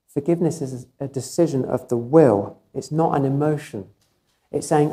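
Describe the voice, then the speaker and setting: Male preacher, mellow and relaxed tone, emphatic storyteller. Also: mid-range voice, normal speed. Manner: emphatic, vivid storytelling with repeated phrases. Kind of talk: sermon.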